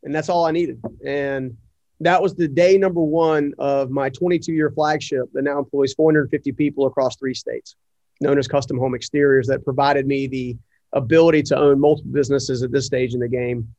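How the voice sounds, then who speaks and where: A middle-aged man, an entrepreneur, telling a personal story in an interview, animated and full of fillers as he acts out the dialogue. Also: medium pitch, moderate pace, dry recording. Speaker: entrepreneur guest. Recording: dry, slightly muffled audio.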